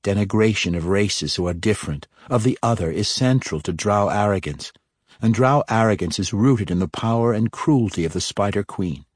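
A cool, composed young dark elf woman, as a male narrator puts her on, speaking with calm poise. The voice stays low, with a dry, close audiobook sound. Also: normal speed, no room sound. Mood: poised.

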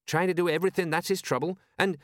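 A man voicing a cheerful, slow-witted middle-aged sergeant with homely, working-class talk. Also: high voice, steady tone, no echo, studio quality, voice pushed up, natural voice. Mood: chatty plodding.

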